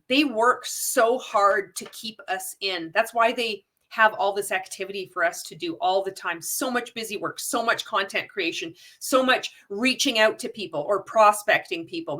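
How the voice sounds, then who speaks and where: With a bright, forceful, mid-range voice, this anti-MLM creator addresses the camera directly in a casual commentary. Rhetorical questions come one after another, and she frequently starts her sentences over.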